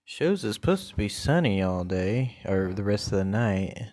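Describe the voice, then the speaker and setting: A man's voice: fairly low pitch, very animated, moderate pace, a little mellow. A man hosting a casual solo podcast, talking in a rambling, laid-back way with many fillers. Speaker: podcast host.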